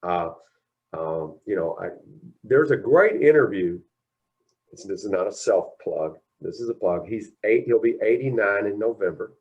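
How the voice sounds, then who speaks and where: A middle-aged man from Kentucky, USA, with a fairly low, slightly mellow voice, gives a guest lecture at a mediation class. Animated but measured, he tells folksy anecdotes, retelling talks with lots of "I said, he goes." The sound is lo-fi.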